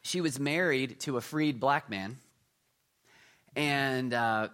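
A middle-aged man delivering a sermon with a humorous storyteller's touch. He leans hard into his punchlines, then drops to near-quiet asides. His voice sits at an ordinary male pitch. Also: slow pace. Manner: humorous storytelling, swings between loud emphasis and quiet asides. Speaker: pastor.

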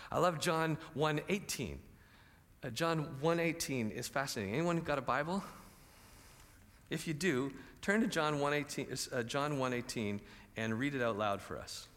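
A man's voice: fairly high pitch, fairly bright tone. A man preaching a conversational sermon and asking the audience questions. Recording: reverberant large hall.

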